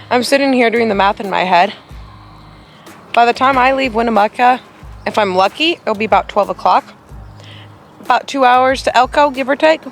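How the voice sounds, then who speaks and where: A woman talking casually to camera as a travel vlogger, chatty and easily excited, thinking out loud as she goes. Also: fairly high pitch, moderate pace, long pauses, faint music behind. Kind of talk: casual vlog chat to camera.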